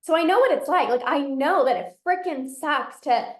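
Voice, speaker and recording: A woman's voice: high-pitched, lively intonation, normal speed, reverberant. A woman coaching on binge eating in a casual, earnest way, often adding "like" and "right?" as she talks. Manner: earnest, conversational, many "like" and "right?" fillers. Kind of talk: casual direct-to-camera advice.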